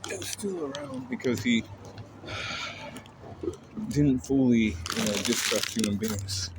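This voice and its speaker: A man's voice: fairly low pitch, background noise. A man casually retelling a story in a loose, rambling way, full of fillers and swearing.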